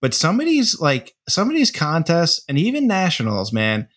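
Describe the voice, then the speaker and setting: A man's voice: fairly high pitch, wildly swooping pitch, moderate pace, noisy background. A man, the host, chatting casually with jokes and blunt, crude asides. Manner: joking,喜 reacts with laughs and crude asides. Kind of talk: casual chat.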